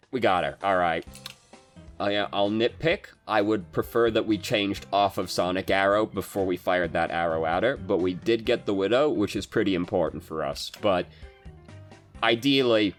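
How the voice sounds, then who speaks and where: Young man, very low voice, casual gameplay commentary, easygoing, curses often. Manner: relaxed, swears casually, frequent fillers. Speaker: game coach reviewing gameplay.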